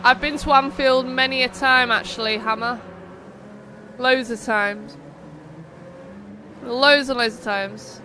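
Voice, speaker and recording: Speaking slowly with frequent pauses, a young woman uses a high, steady, sharp-toned voice against slight background noise. She's hosting a racing game live stream, chatting casually, wandering onto tangents, and reading viewers' messages out loud.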